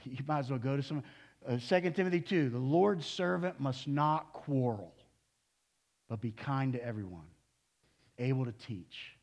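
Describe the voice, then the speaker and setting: A male pastor in his sixties preaching a sermon in a conversational way, with sudden loud, animated bursts. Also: medium pitch, moderate pace.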